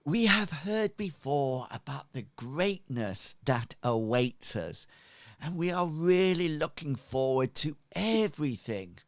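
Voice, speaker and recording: A man's voice: a little high, sing-song, slow, no echo, pitched above the performer's own voice, exaggerated voice. A man voicing a pompous robed male cult leader who makes grandiose speeches to his followers. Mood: commanding.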